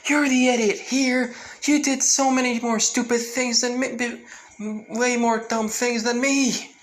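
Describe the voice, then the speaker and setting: A man shouting as a brash teenage hero. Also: extremely high pitch, little pitch movement, measured pace, slight background noise, pitched above the performer's own voice. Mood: yelling. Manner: yelling, teasing. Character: brash teen boy hero, teasing.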